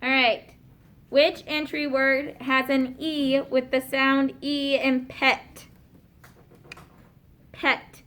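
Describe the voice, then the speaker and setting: A woman teaching a class of young students, patiently asking questions and slowing down to spell out and explain words. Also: high-pitched, level tone, a bit bright.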